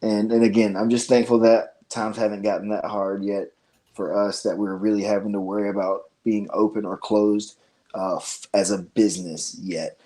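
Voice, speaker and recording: Man, lowish voice, podcast guest, earnest, easygoing. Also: level tone, moderate pace, warm tone, low-quality recording. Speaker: guest, gym owner. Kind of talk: casual podcast interview.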